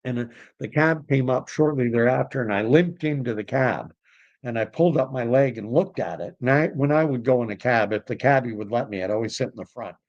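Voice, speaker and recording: A man's voice: medium pitch, a little fast, dull audio. A middle-aged man hosting a livestream, telling a long casual story in a rambling way and correcting himself often. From Canada. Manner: rambling, self-correcting, conversational. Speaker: livestream host.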